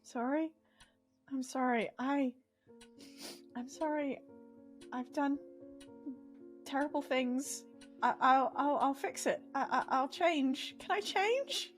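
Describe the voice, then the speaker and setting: A woman's voice: sits high, slow pace, long pauses, soft background music. A woman playing a distraught young hero in a tabletop game, crying and stammering out apologies and pleas. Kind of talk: tabletop role-play in character.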